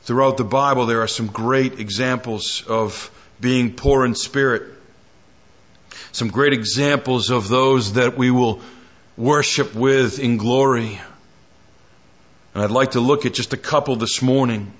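A man preaching a sermon as pastor, reading scripture aloud, with dramatic rises and hushed drops. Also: mid-range voice, steady tone, unhurried, dull audio.

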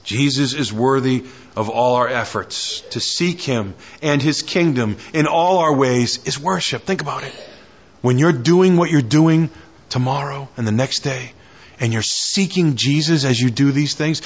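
A man's voice: medium pitch, a little slow, dull audio. A man preaching a sermon, building in fervor through repeated lines and prayers. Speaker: pastor.

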